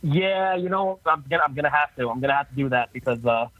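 A man with a New York accent calling in as a podcast guest, talking in halting, restarting sentences. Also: a little high, lively intonation, no room sound, narrow, tinny audio. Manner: halting, laughing easily. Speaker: phone-in guest. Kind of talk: casual chat.

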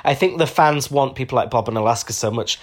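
A man's voice: medium pitch, fast talker. A man co-hosting a podcast, chatting casually and giving his opinions with plenty of fillers. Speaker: podcast co-host. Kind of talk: casual chat.

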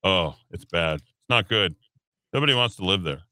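A sarcastic man hosts a talk radio show, teasing his callers bluntly. His voice is bright and lively, swinging up and down in pitch. The studio sound is close and dry. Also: normal speed, dry recording. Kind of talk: casual talk radio banter. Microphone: studio microphone.

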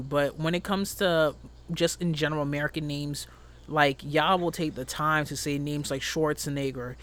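A man chatting casually as a podcast co-host, animated and emphatic, with a slangy, ranting manner. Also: fairly high pitch, normal speed. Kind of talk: casual chat.

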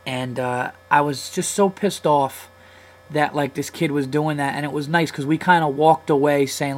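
A man's voice: on the high side, normal speed, poor audio. Profane, heated man in his thirties. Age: 30s. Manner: profane, heated, animated retelling. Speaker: comedian podcast host. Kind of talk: casual storytelling monologue.

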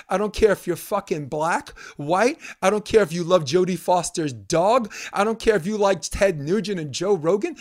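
A man from Brooklyn, a podcast guest ranting heatedly and profanely, hammering points through repetition. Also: sits high. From Brooklyn, New York. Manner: profane, emphatic, repeats phrases for emphasis. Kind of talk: heated conversational rant.

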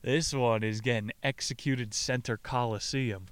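A brash young man hosting a comedic recap, riffing with crude jokes. His voice is smooth and clear at an ordinary pitch. The recording is dry and close to the mic. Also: steady tone, a little slow, dry recording. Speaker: podcast host.

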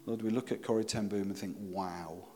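Preacher guy, lowish voice, soft prayerful sermon, long hall echo, band playing faint behind. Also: fairly even intonation, quick pace, soft background music. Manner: reads a story aloud, then speaks softly and prayerfully. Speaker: pastor.

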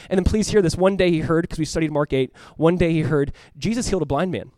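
A man preaching a sermon as pastor, animated, acting out voices and swinging from loud cries to hushed, earnest tones. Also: on the high side, quick pace, hardly any pauses, no echo. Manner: animated, acts out voices of the crowd and the blind man.

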